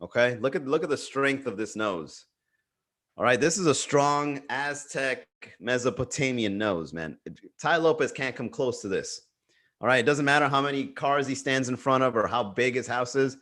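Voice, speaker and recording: A man's voice: medium pitch, normal speed. A man hosting a comedy livestream, chatting casually and ranting with lots of swearing while reading comments from chat. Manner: animated, profane ranting, reads chat aloud.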